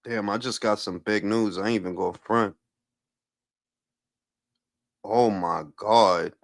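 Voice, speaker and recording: A man who hosts a boxing talk livestream, chatting casually and profanely and giving shout-outs to his chat. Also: lowish voice, steady tone, brisk, vocal fry, no echo, studio quality. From Dominican heritage. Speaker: boxing talk show host.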